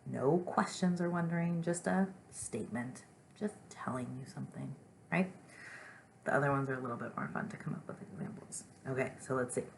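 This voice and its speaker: A young woman teaches small children in a gentle, patient way. Her voice sits low with a gravelly edge of fry, and she reads her examples with big, playful expression. A faint hiss runs under the recording. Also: moderate pace. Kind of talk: remote lesson for young children.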